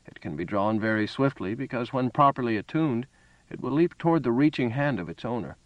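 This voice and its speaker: A man reading aloud, voicing an old male gun shopkeeper who speaks in a precise, calm and measured way. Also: medium pitch, dry recording, dull audio, lightly acted.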